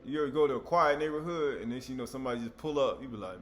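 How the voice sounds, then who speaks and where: A man preaching a sermon in a conversational, animated way, with sudden loud outbursts. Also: mid-range voice, very fast, faint music behind.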